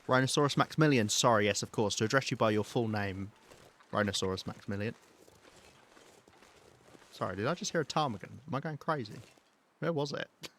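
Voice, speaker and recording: A British man live-streaming a survival game, talking calmly and softly to his chat while he plays. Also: mid-range voice. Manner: calm, soft-spoken, chatty with viewers.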